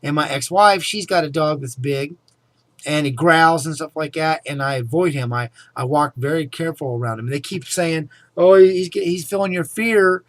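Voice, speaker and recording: A man's voice: a little high, normal speed, a bit bright, no room sound. A middle-aged man telling a personal story in a casual, rambling way, often saying "anyway" and "okay?". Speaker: vlogger.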